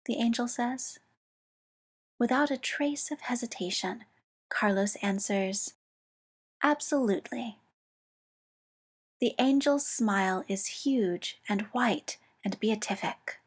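A woman reads a story aloud in a slow, measured, soft voice. Her tone is breathy and a little husky, pitched slightly high. She slips into whispered phrasing now and then. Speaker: narrator. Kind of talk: reading fiction aloud.

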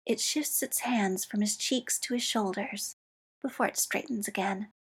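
A woman reading fiction aloud in a slow, soft, measured storytelling manner, dropping now and then into a whisper. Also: medium pitch, slightly rough. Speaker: narrator.

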